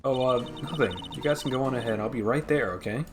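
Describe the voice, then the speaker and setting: A young woman medium answers softly and hesitantly, voiced by a man reading a game's lines. Game music plays underneath. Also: medium pitch, fast, lightly acted. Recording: game music playing behind.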